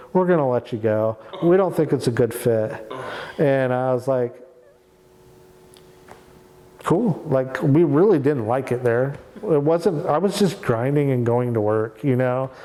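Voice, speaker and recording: A man's voice: medium pitch, dark tone. A young man from Oregon in an oral history interview, telling his story in a candid, chatty way and acting out quoted dialogue. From Oregon, USA. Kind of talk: casual storytelling. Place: indoors, near a small town.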